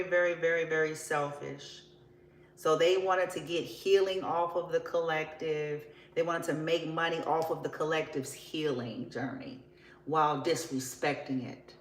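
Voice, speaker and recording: A woman's voice: sits low, fairly even intonation, measured pace, reverberant, a little hiss or hum, low-quality recording. A woman giving a casual tarot reading, blunt and profane, often laughing as she talks. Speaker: tarot reader.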